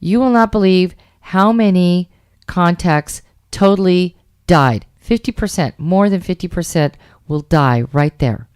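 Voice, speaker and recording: A middle-aged woman co-hosting a radio talk show, chatting about dating in an animated, emphatic way. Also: fairly low pitch, measured pace, clean tone, no echo, studio quality. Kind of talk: casual chat about dating.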